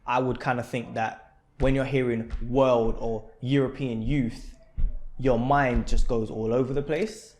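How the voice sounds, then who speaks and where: A man hosting a podcast, asking relaxed questions with hesitant pauses. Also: mid-range voice. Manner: relaxed, hesitant, uses fillers. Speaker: podcast host. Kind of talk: casual interview questions.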